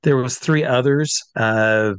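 A man in casual conversation spins a long anecdote, slipping into the voices of the people in his story as he goes. He sits at a middle pitch, and the recording is close and dry, with no room sound. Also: slow, smooth, no echo. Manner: animated anecdotes with acted-out quotes. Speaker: guest.

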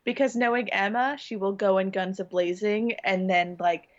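A woman appearing as a podcast guest, calmly reasoning through points about a TV episode. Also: mid-range voice, moderate pace. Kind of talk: casual chat recapping a TV episode. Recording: dull, muffled mic.

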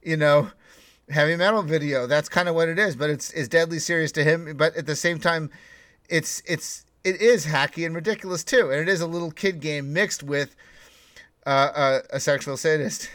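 A man's voice: a little high, normal speed, fairly bright tone, no echo. A man in casual podcast talk, thinking aloud with many restarts and short laughs. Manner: rambling, many restarts, laughs while talking.

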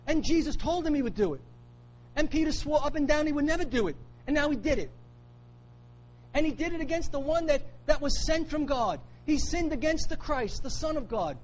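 A man's voice: very high-pitched, lively intonation, a little fast, darkish tone, dull audio, slight background noise. A man preaching a sermon, emphatic, repeating key phrases for weight. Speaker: pastor.

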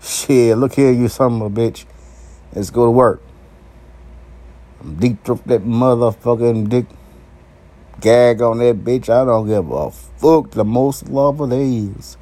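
A man's voice: mid-range voice, slow pace, long pauses. Brash, profane man ranting uncensored. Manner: profane, brash and animated, often laughing. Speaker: vlogger. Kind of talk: raw, uncensored monologue.

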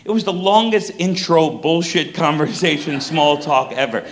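A middle-aged male stand-up comedian telling a story on stage, animated and profane. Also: fairly high pitch, normal speed, a little hiss or hum.

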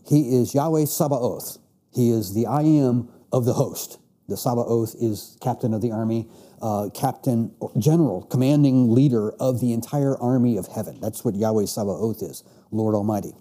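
A man's voice: mid-range voice, moderate pace, mellow. A man teaching a Bible class, reading verses aloud and explaining them with emphatic restarts. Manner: reads scripture then explains with emphatic restarts.

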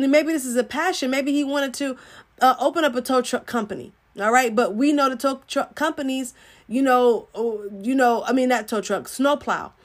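Emphatic high-voiced woman giving advice. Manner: emphatic, preachy, acts out quoted voices. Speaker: relationship advice speaker. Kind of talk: livestream advice talk.

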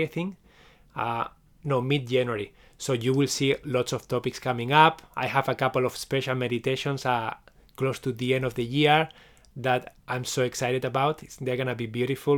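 A medium-pitched man leads a live session as a meditation teacher, closing out the stream. His tone is soft and encouraging, with frequent restarted phrases and "okay?" check-ins.

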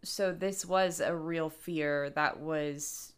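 A woman's voice: sits low, fairly even intonation, slow pace, clear, resonant tone. A woman co-hosting a podcast, explaining film background in casual chat. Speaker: podcast co-host.

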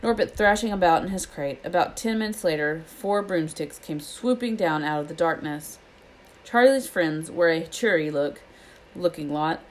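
A woman reading a children's book aloud in a steady storytelling way, with small slips. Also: fairly low pitch, normal speed. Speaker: reader.

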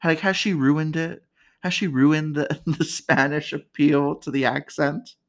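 A woman's voice: deep voice, steady tone, unhurried. A woman hosting a casual comedic commentary, chatty and candid, laughing often. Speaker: podcast host.

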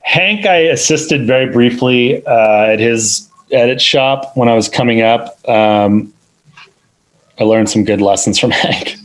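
A man's voice: medium pitch, unhurried, low-quality recording. A man, a film editor, talking casually in an interview, rambling with many fillers and restarts. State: parent of two little kids.

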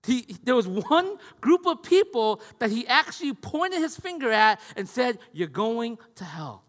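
A man preaching a sermon in a lively, conversational way, asking his listeners questions and swinging from loud to hushed. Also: very high voice, normal speed. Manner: conversational, asks the audience questions. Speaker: pastor. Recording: long hall reverb.

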